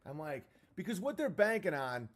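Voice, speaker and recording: A man's voice: fairly high pitch, big pitch swings, moderate pace. A middle-aged man hosting a watch party, ranting in a crude, mocking, profane way. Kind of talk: casual ranting commentary.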